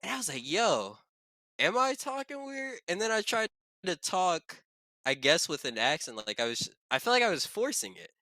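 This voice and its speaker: A man's voice: fairly high pitch, sing-song, a little fast, bright, forceful tone, no room sound, studio quality. A young man from Baltimore, co-hosting a podcast in casual chat, rambling with restarts. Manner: rambling, restarts, laughs often. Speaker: podcast co-host.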